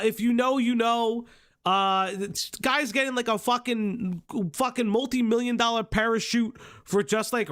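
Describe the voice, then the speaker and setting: Young man, livestream host, casual rambling, swears a lot, high-pitched. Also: pushed and bright, clear, resonant tone. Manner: rambling, profane, many fillers and restarts.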